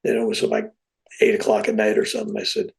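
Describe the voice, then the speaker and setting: A man, a podcast guest, telling a personal story in a casual, animated, plain-spoken way. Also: fairly low pitch, fast, gravelly, poor audio.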